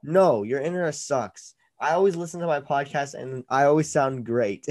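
A man's voice: mid-range voice, darkish tone. Playful, bickering podcast man. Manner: playful, quick to mock and bicker. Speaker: podcast host. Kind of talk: casual banter over a video call. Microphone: own mic on a video call.

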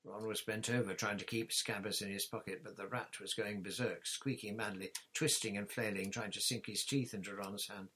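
A man reading a storybook chapter aloud as narrator in a steady, even manner. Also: fairly low pitch, normal speed, few pauses, a little hiss or hum. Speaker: audiobook reader.

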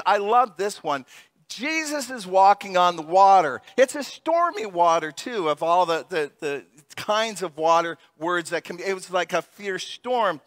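Animated, bright-voiced male preacher. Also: very high voice, no room sound. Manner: animated, laughing, acts out voices. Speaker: pastor. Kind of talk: sermon.

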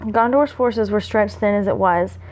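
A woman's voice: mid-range voice, moderate pace, a little mellow, a little hiss or hum. A woman reading fan fiction aloud, with small slips and asides. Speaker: reader.

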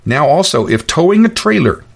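A man's voice: fairly high pitch, sing-song, normal speed, gravelly. A man hosting his own podcast, telling stories in a blunt, opinionated, folksy monologue. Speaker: podcast host. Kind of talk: casual monologue.

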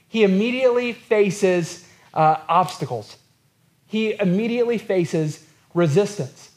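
High-voiced man preaching earnestly. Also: moderate pace. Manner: earnest, repetitive preaching with acted-out quotes. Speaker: pastor. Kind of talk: sermon.

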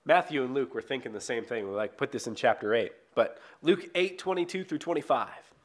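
A man's voice: medium pitch, lively intonation, fairly quick. A man preaching a sermon in a conversational way, reading scripture and then explaining it, often checking in with "right?". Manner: conversational, frequent "right?" tag questions.

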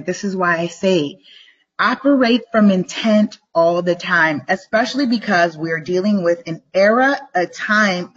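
A middle-aged woman hosting a live motivational vlog, talking emphatically and repeating herself, slowing down to drive her points home. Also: lowish voice, fairly bright tone, slightly rough, muffled recording. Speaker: vlog host. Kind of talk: motivational live-stream talk.

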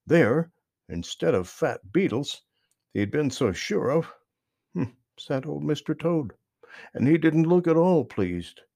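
A man narrating a children's book aloud, with expressive storytelling and lively emphasis. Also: on the high side, slow, gravelly, no echo.

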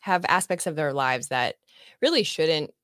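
A woman guesting on a podcast in casual chat, talking in a lively, chatty way and laughing often. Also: low-pitched, unhurried, dry recording, studio quality.

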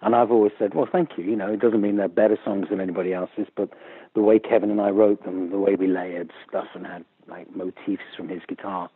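A man's voice: sits low, fairly even intonation, fairly quick, breathy edge, dry recording. A man, a musician guest in a casual interview, talking candidly and chatty with a self-deprecating tone over a phone line. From England.

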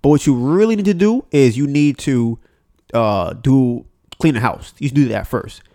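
A man's voice: mid-range voice, lively intonation, measured pace, mellow. Rambling man on a solo podcast. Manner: loose and rambling, acts out phone calls in quoted voices; profane, uses many fillers and restarts. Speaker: podcast host.

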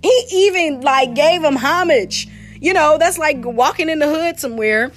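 Animated woman teaching scripture. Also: sits high, moderate pace, a little hiss or hum. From Detroit, USA. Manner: animated, laughing, slangy storytelling. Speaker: podcast host. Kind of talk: casual Bible teaching.

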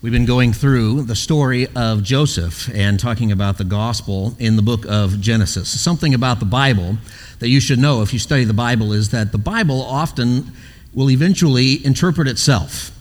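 A man's voice: medium pitch, normal speed, in a large hall. A male pastor preaching a sermon, telling stories and acting out the quoted voices in them.

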